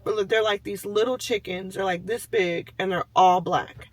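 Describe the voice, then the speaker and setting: A man's voice: sits high, steady tone, moderate pace, no room sound. A man telling a personal story in a casual, chatty way, full of "like" and "you know", and acting out the voices of people and animals as he goes.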